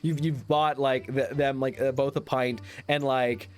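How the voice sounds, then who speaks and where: A man's voice: medium pitch, steady tone, unhurried, faint music behind. A man narrating a tabletop role-playing game as game master, in a loose, rambling way with many fillers.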